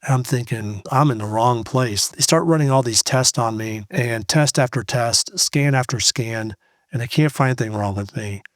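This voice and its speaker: A man's voice: mid-range voice, moderate pace, no room sound, clean studio sound. A middle-aged man giving a conversational personal testimony, retelling what happened by quoting himself and the people around him. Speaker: Christian speaker sharing testimony.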